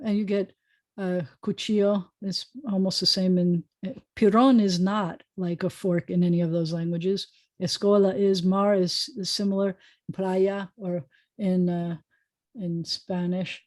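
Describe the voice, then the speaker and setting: A woman's voice: mid-range voice, little pitch movement, measured pace, darkish tone, no echo. Chatty woman rabbi teaching online. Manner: chatty, thinking aloud, many fillers. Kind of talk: informal online lesson. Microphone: video call.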